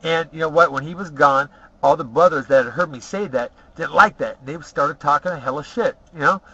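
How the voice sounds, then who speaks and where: A man's voice: a little high, a little fast, pushed and bright. A middle-aged man rambling through boastful, profane personal stories, tagging his lines with "okay?". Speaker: storyteller. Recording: dull lo-fi recording.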